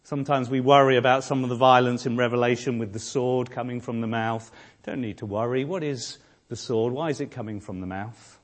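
A man preaching a sermon, moving between quiet, hushed reflection and rousing, shouted exhortation. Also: medium pitch, steady tone, a little fast. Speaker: pastor. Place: church.

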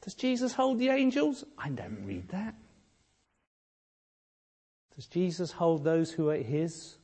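Pastor in the pulpit, man, slightly high voice, dynamic sermon delivery from near-whisper to shout. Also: sing-song, takes it slowly, pauses often, breathy edge. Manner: swings from quiet, near-whispered reflection to rousing shouted exhortation. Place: church.

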